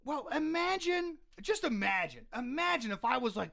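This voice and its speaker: A man's voice: very high-pitched, normal speed, creaky. A man co-hosting a podcast, ranting and mocking in profane comedic commentary. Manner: animated, sweary, mocking rants. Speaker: podcast co-host.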